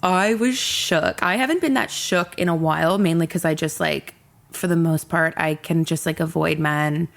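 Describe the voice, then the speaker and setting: Candid young woman with a gravelly low voice. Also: normal speed. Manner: candid, emotional, swears freely. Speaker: podcast host. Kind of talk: personal storytelling monologue.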